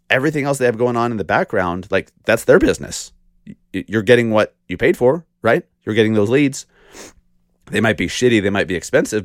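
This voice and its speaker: A man with a deep voice hosting a casual solo podcast, talking bluntly with rhetorical questions and the odd swear word. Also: no room sound, studio quality. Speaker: podcast host.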